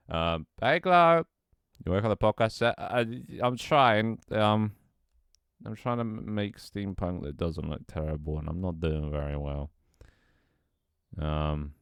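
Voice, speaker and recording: Very deep-voiced man muttering and swearing. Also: smooth, no echo, studio quality. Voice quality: voice cracks at times. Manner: mutters to himself, swears often, jokes with chat. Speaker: streamer building a game level. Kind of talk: thinking-aloud livestream chat.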